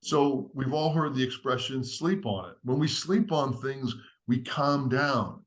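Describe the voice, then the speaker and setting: On a podcast, a male guest walks through a framework step by step, earnest and teacherly, his mid-range voice a little slow. He sounds structured and steady, like a seasoned author explaining ideas in conversation.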